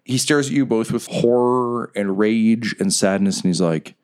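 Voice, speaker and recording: A man's voice: on the low side, moderate pace, few pauses, darkish tone, smooth. A man running a tabletop game as game master, narrating the scene vividly and dramatically.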